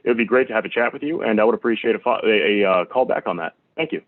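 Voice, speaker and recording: Brisk man on a tinny line. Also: on the low side, no room sound. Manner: polite, upbeat, easygoing. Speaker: sales caller. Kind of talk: cold calling and casual chat. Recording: tinny dry phone-like audio.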